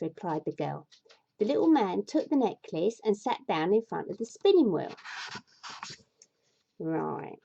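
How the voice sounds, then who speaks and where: A woman's voice: medium pitch, big pitch swings, unhurried, vocal fry, pauses often, dark tone, husky. A woman reading a fairy tale aloud, breaking off into exasperated, sweary asides, with a dull lo-fi sound. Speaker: storyteller.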